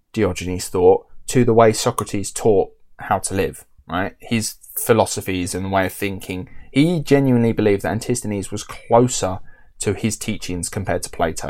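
A man's voice: low voice, a little mellow. A man, animatedly telling a story in casual podcast chat.

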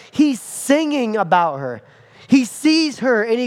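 A man preaching a sermon as pastor, animated, acting out scenes with playful asides. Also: very high-pitched, normal speed.

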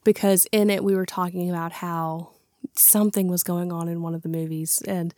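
A woman's voice: fairly low pitch, fairly even intonation, moderate pace, dark tone, no room sound, studio quality. A woman hosting a podcast, chatting casually and animatedly about a classic film and retelling its scenes. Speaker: podcast host. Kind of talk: casual movie review chat.

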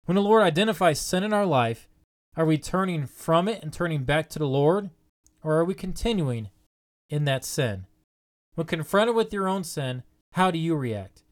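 Man, preacher, sermon, earnest rhetorical questions, fairly high voice.

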